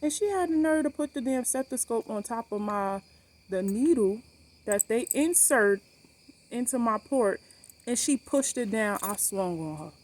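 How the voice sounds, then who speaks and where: Speaking a little slowly in a voice on the high side, this woman tells the camera about her cancer treatment. She is blunt and animated, curses freely, and hammers home her points by repeating them.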